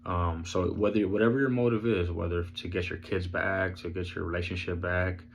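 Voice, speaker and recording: Low gravelly hoarse man vlogging. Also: steady tone, normal speed, dull audio, slight background noise. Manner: laid-back, rambling, heavy on fillers like "you know" and "man". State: hoarse, losing his voice. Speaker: vlogger sharing his recovery journey. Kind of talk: casual spoken vlog.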